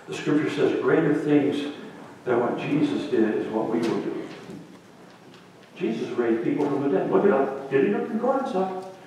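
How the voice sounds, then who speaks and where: A male pastor preaching a lively sermon in a church, swinging between loud and hushed. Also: mid-range voice, normal speed, slight background noise. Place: church sanctuary. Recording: echoey hall, voice from far off.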